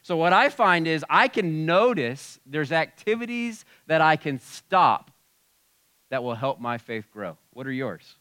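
A man's voice: fairly high pitch, big pitch swings, unhurried, dry recording. A pastor preaching a conversational sermon in a church, often dropping and raising his voice. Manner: conversational preaching with shifts in loudness. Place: church sanctuary.

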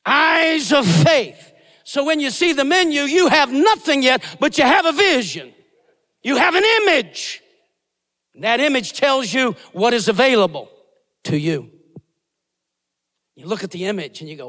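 A man preaching with a very high, lively voice that leaps from hushed asides to shouted peaks. His words ring out into the long reverb of a big church hall. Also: a little slow. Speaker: guest pastor. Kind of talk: sermon.

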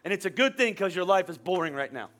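A man in his forties preaching a sermon as a pastor, animated and storytelling with playful humor. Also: sits high, fast. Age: 40s. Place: church. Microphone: wearing a microphone.

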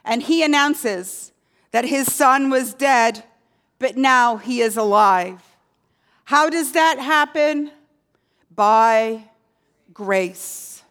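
Woman, preacher, sermon, high voice, slow storytelling, soft low endings. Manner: slow, storytelling delivery, dropping low and quiet on key words.

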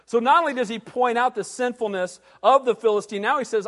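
A man with a notably high voice preaches a sermon in a hall with a long, ringing reverb. He reads scripture and then bursts into animated retellings, voicing the characters himself. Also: fairly quick, few pauses. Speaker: pastor.

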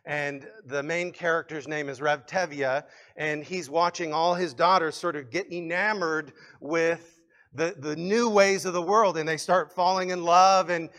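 A man's voice: high-pitched, fairly bright tone. A man preaching a sermon in an earnest, fervent way, with many fillers and restarts. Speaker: pastor.

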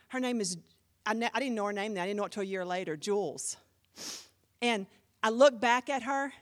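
Woman pastor teaching a class: high-pitched, chatty, emphatic teller with a dry sound. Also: dry recording. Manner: animated, emphatic, conversational with many fillers.

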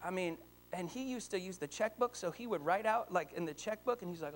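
High-voiced man preaching with animated stories. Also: fast, a little hiss or hum. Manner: animated storytelling, rising to excited shouts. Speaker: pastor. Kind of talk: sermon with personal stories.

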